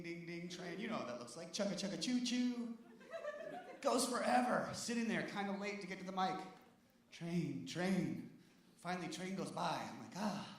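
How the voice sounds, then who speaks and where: A man hosting a comedy show who tells a brisk, deadpan story full of spoken sound effects, on a club stage. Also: high voice, a little hiss or hum. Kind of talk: stand-up set and hosting. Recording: echoey, distant live club recording.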